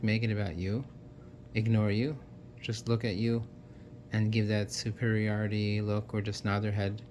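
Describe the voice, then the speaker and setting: A man with a somewhat low voice talks earnestly and casually. He lists his points one by one and often restarts his sentences. A faint low rumble sits under the recording. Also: a little mellow. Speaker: self-help speaker. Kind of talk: casual explanatory monologue.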